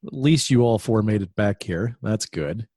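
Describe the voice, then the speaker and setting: A man playing a tabletop role-playing game, making dry, quick-witted remarks and giving his character's lines. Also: fairly low pitch, expressive, a little mellow, husky, no room sound. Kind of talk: casual in-character play.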